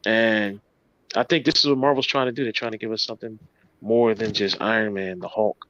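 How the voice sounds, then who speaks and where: A man co-hosting a casual podcast, animated and full of "you know" and "like.". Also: lowish voice, fairly quick, highs cut off, slight background noise. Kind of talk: casual chat.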